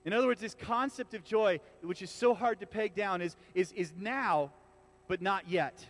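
A man preaching a conversational sermon in a church, casual and animated, often restarting his sentences and talking straight to the congregation. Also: high-pitched, moderate pace. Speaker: pastor.

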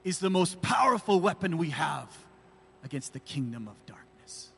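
A man doing an impression of an intense older male German evangelist, speaking slowly in a preacher voice with a German accent. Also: on the high side, very animated, creaky, fairly bright tone, husky, exaggerated voice. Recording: reverberant church hall.

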